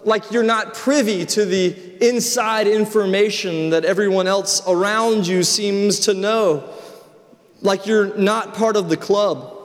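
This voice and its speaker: High-voiced preacher in a hall. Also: male voice. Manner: storytelling, conversational with repeated restarts. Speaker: pastor. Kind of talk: sermon. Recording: long reverb of a large hall.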